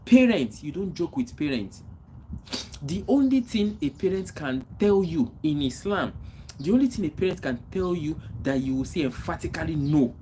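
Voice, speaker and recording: A man from Nigeria with a Nigerian accent hosts a casual livestream, answering viewers' comments and giving repetitive, preachy advice, coughing and clearing his throat often. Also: fairly high pitch, darkish tone, a little hiss or hum, rough recording. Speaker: livestream host.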